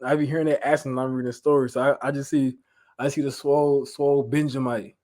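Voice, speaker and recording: Animated man teaching from the Bible. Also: medium pitch, fast talker. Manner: animated, laughing, repeats phrases for emphasis. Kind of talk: informal Bible study talk.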